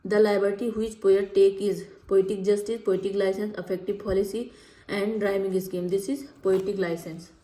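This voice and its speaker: A woman works through exam questions in a study lecture. She reads each option aloud and then repeats the right answer slowly. Her voice is mellow and flat, and the room is echoey. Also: medium pitch. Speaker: teacher.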